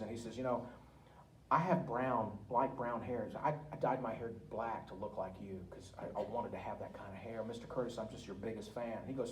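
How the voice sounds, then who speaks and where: Male guest speaker, lively storyteller, roomy room sound with faint background noise. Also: lowish voice, brisk, distant mic. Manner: lively, laughing storyteller who acts out quotes. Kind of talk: anecdotal storytelling to an audience. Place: museum meeting room.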